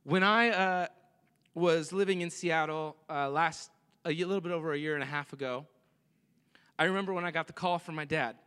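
A young adult man preaching a sermon as pastor, chatty and animated, often acting out quotes and dropping jokes. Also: fairly high pitch, brisk, clean tone. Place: church sanctuary. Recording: long reverb of a large church hall.

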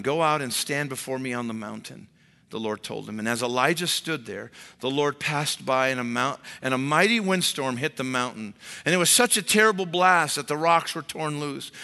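A man preaching a sermon as a pastor, animated and expressive, sometimes dropping to a whisper to make a point. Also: mid-range voice, gravelly, long reverb tail.

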